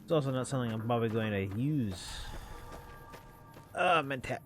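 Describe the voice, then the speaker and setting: A man's voice: medium pitch, racing, darkish tone, faint music behind. A man streaming a video game, talking through it in casual commentary with wry, muttered asides to himself.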